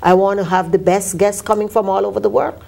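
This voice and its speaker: Jamaican lady guest on a talk show, bit of fry in her voice, preachy upbeat pep talk. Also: mid-range voice, fairly even intonation, fast. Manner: motivational, preacherly, warm-humored. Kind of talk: casual talk show conversation.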